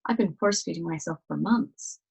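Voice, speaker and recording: A woman's voice: lowish voice, brisk, creaky, darkish tone, slightly rough, heavily acted, low-quality recording. A woman voicing a fat, polite male cow that offers itself as dinner, speaking with courteous contentment. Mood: genteel.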